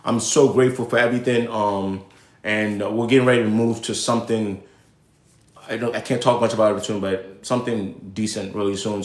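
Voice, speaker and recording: Young male livestream host from Nigeria, rambling and animated, raised pitch, echoey room. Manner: animated, rambling, self-interrupting. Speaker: live show host. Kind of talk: casual livestream commentary.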